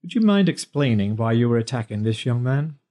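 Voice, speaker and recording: A man voicing a protective police inspector with a deep voice, calm and dryly teasing. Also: brisk, natural voice. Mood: firm.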